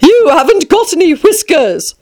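Shrill, breathless old queen. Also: very animated, normal speed, a little mellow. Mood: flustered. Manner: shrill, panting exclamations.

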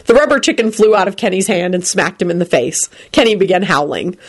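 A woman narrating a storybook reading in an expressive way. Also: fairly low pitch, brisk, few pauses, breathy edge.

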